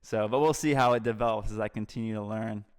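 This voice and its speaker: A man's voice: fairly low pitch, fairly even intonation, fast talker, clear, resonant tone. An American man, a podcast guest, talking casually in an interview and thinking aloud with restarts and many "like" fillers. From United States.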